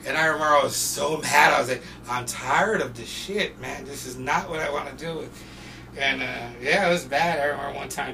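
A man telling stories in a casual, animated way, full of slang and swearing and getting loud when he acts out the scenes. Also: fairly high pitch, gravelly, far from the mic, noisy background. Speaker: podcast guest. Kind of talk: casual storytelling.

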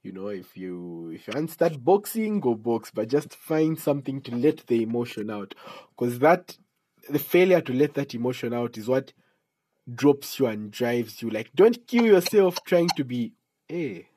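A man hosts a casual solo podcast in a middle-pitched voice. He talks in a chatty, joking way and laughs at his own asides. Now and then his voice leaps high in animated outbursts. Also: normal speed, rough recording. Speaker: podcast host.

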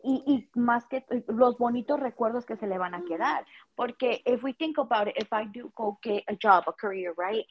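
A woman's voice: a little high, brisk, lo-fi sound, a little hiss or hum. A woman and mother chatting casually, mixing English and Spanish in an encouraging, reflective way. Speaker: podcast co-host, stay-at-home mom. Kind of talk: casual chat.

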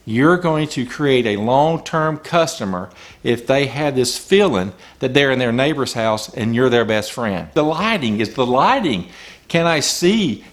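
Man, mid pitch, business coaching talk, emphatic, rhetorical questions. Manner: emphatic, rhetorical questions, speaks from customer's view.

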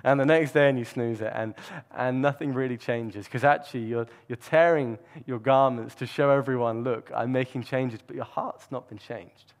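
A man's voice: mid-range voice, steady tone, normal speed. A man giving a sermon, earnest and reflective, with the odd filler and restart. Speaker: preacher.

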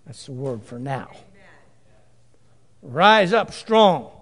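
A man's voice: a little high, animated, extremely slow, a bit bright. A man preaching a sermon, emphatic, repeating and drawing out key phrases. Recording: long hall reverb.

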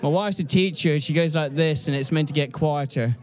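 A man's voice: fairly high pitch, a little fast, darkish tone, a faint crowd. A man addressing a gathering in a light, good-humoured way. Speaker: event leader.

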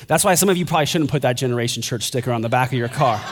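A man's voice: medium pitch, very fast, noisy background. A young man preaching a sermon as a pastor, conversational and joking, then building to fervent intensity.

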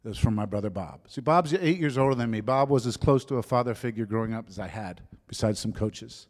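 A man in his fifties telling his conversion story as a sermon testimony, shifting from lively storytelling to soft, hushed moments. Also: lowish voice, a little fast. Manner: storytelling, drops to soft whispers at emotional moments. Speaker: preacher giving a testimony. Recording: long hall reverb.

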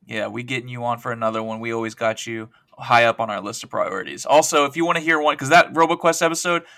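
A man guesting on a gaming podcast, rambling through stories with self-deprecating jokes. His voice is bright and sharp. The sound is dry and close to the mic. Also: medium pitch, fast talker, gravelly, no echo. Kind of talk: casual podcast chat.

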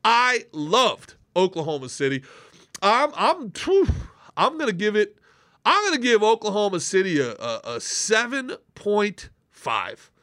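Bright-voiced man rambling as podcast host. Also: high voice, huge pitch swings, unhurried, no echo, studio quality. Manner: rambling, hesitant, with many restarts, then emphatic. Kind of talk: casual podcast banter.

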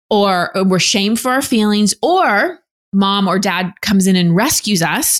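A woman's voice: mid-range voice, sing-song, measured pace. A woman guest on an interview podcast, explaining things in an earnest, teacherly way as a relationship coach. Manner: earnest, teacherly, acts out example voices.

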